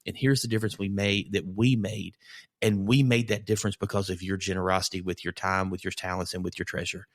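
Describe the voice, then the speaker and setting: Brief: male pastor, slightly low voice, chatty and rambling, dry close mic. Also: little pitch movement, brisk, no room sound. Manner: rambling storyteller, many restarts. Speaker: bivocational pastor. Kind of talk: casual podcast conversation.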